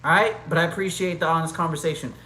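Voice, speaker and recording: A man's voice: steady tone, fast talker, sharp tone, roomy sound, slight background noise, low-quality recording. A man hosting a live chat stream, talking earnestly and directly to viewers and calling them brother and man. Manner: earnest, talks straight to chatters, calls them brother and man; reads chat comments aloud in a low mumble. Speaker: livestream host answering chat.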